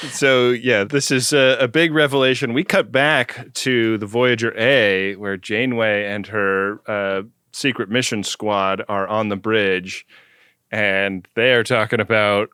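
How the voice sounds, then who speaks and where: A man's voice: fairly low pitch, steady tone, unhurried, pushed and bright, smooth, no echo, studio quality. A man co-hosting a podcast, casually recapping an episode with a laid-back manner, easy laughs and lots of "like" fillers. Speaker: podcast co-host.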